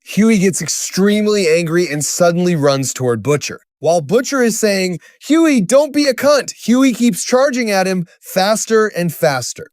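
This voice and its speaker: A man's voice: sits high, animated, normal speed, few pauses, no room sound, clean studio sound. A man narrating a scripted story recap, telling it dramatically and lifting his voice at sudden turns.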